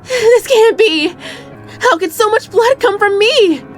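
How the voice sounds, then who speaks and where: A woman's voice: high voice, very animated, a little fast, faint music behind, voice pushed up. A woman voicing a terrified young noble lady in a game, crying and screaming for help. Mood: panicked sobbing.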